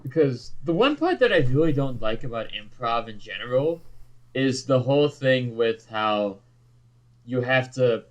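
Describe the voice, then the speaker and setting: A young man on a podcast with a mid-range voice. He stalls with ums while thinking and tosses out quick joking reactions. The tone is loose and conversational. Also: mid-range voice, animated, lo-fi sound. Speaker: podcast co-host. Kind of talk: casual chat.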